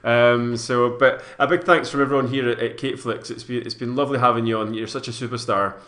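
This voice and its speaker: Guy hosting a live show online, mid-pitched voice, stumbles and repeats himself a lot, friendly. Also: fairly even intonation, a bit bright. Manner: halting, restarts and repeats words, friendly thanks. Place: indoor studio.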